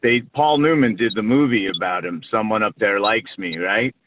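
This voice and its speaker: A man from New York with a fairly low voice is a guest on a casual interview over a call, looking back on his childhood acting career. He rambles and halts, restarting often and slipping in warm, fond memories. The line sounds tinny, like a phone.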